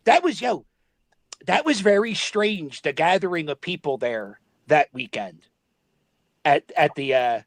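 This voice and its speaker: A man in casual podcast chat, halting and repetitive with a wry tone. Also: a little high, lively intonation, no echo.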